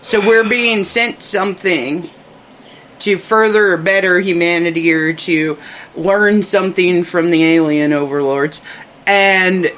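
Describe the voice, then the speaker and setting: A podcast co-host in loose, animated talk, swearing casually and trailing off mid-thought. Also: medium pitch, measured pace.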